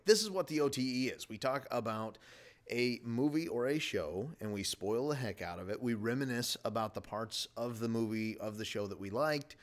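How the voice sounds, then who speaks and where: A middle-aged man hosting a casual podcast, rambling enthusiastically and jumping between topics as he reviews a movie. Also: on the low side. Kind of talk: casual chat.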